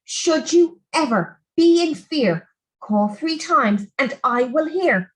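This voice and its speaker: A woman's voice: very high-pitched, very animated, moderate pace, voice pushed up. A woman voicing a small, kindly male hedge sprite in a children's storybook reading. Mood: solemn.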